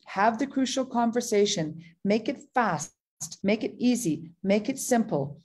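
A woman's voice: fairly high pitch, animated, measured pace, darkish tone, breathy edge. Enthusiastic woman giving a motivational training. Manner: enthusiastic, repeats phrases for emphasis. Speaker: network marketing trainer.

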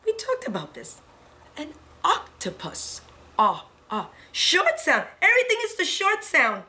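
A woman's voice: very high-pitched, huge pitch swings, a little slow, sharp tone. A woman teaching a preschool lesson to young children, in a cheerful sing-song way.

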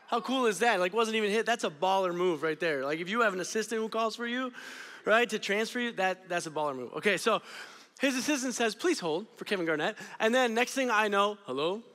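A young man giving an energetic, storytelling youth sermon. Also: high-pitched, fairly quick, in a large hall. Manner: energetic, storytelling, drops to quiet intensity. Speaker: student ministry speaker. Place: church auditorium.

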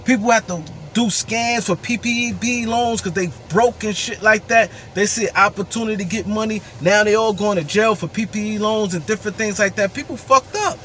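A man's voice: high voice, normal speed, few pauses, fairly bright tone, a little hiss or hum. A young man in ranting in a heated, profane way, repeating his words as he talks. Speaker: commentator. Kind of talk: angry ranting vlog.

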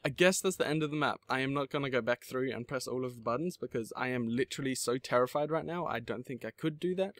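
Aussie teen guy freaking out over a horror game, gasps and repeats stuff, mid pitch, dry sound. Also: fast, few pauses, dry recording. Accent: Australian. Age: teens. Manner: jittery, gasping, repeats phrases. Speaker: gaming YouTuber. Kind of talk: horror game let's play commentary.

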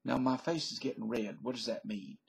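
A man's voice: mid-range voice, fairly even intonation, brisk, gravelly, a little hiss or hum, low-quality recording. An older man rambling through a stream-of-consciousness comedy monologue into a webcam at home, laughing at his own jokes. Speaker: vlogger.

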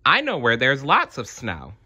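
A man voicing a playful female toy zebra in a storybook reading, gleeful and high. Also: huge pitch swings, normal speed, sharp tone, husky, dull audio, exaggerated voice.

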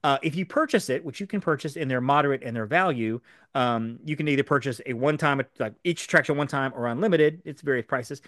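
Fast-talking man on a podcast. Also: mid-range voice, no echo, studio quality. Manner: fast, animated explainer with many fillers. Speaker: podcast co-host. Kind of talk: casual podcast chat. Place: podcast studio.

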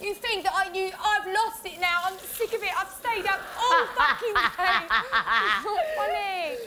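Young woman, reality contestant, mid-meltdown: high-pitched, whiny, tearful, cursing, heavy noise behind. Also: normal speed. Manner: upset, whining, swearing, repeating complaints. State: distressed and near tears. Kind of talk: emotional outburst. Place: indoors in a house.

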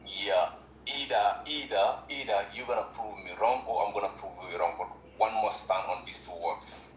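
A man's voice: fairly low pitch, normal speed, roomy sound, dull audio, a little hiss or hum. A man from Gambia, a guest on a livestream, speaking earnestly and repeating himself with lots of "you know". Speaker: guest caller. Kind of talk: casual chat.

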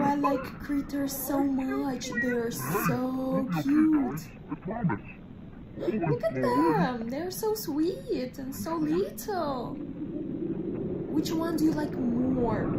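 A woman's voice: high-pitched, very noisy. A woman voicing a timid, cheerful female jester, gushing and easily frightened as she reacts to videos in character. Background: loud music.

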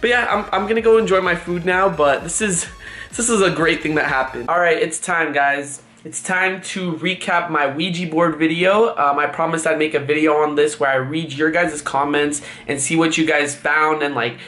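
A young man with a Californian accent vlogging casually, excitable and full of "like". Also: a little high, echoey room. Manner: excitable, says "like" a lot, gets scared and loud. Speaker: YouTube vlogger. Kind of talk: casual vlog talk. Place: room at home.

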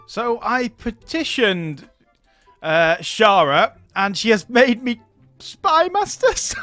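High-voiced man chuckling through gameplay commentary. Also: big pitch swings, measured pace, fairly bright tone, dry recording, faint music behind. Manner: chatty, chuckles often between remarks. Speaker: gaming YouTuber.

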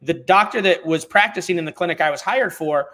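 A middle-aged man talking as a podcast guest, telling stories in a blunt, animated, informal way. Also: on the high side, a little fast. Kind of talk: casual conversational storytelling.

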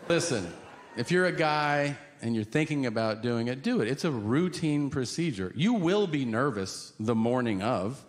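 A man's voice: mid-range voice, a little hiss or hum. A man doing a stand-up comedy set, telling stories and acting out the other people in them. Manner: animated storytelling with voiced characters. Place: live comedy venue with audience.

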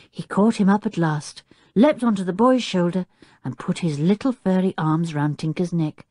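A woman reading a children's audiobook with expressive, storytelling delivery. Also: dry recording. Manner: expressive storytelling, varied pitch. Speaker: audiobook reader. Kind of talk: audiobook narration.

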